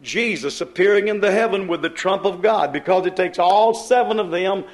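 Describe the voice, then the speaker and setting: A man's voice: high-pitched, normal speed. A man preaching a sermon in an emphatic, repetitive cadence, often asking and answering his own questions.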